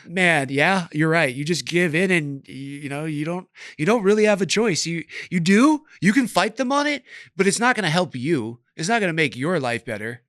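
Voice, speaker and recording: A man's voice: on the high side, animated, moderate pace, few pauses, fairly bright tone, no room sound, clean studio sound. A young adult man hosting a podcast, chatting casually and loosely with many "like"s and "you know"s. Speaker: podcast host. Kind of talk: casual interview chat.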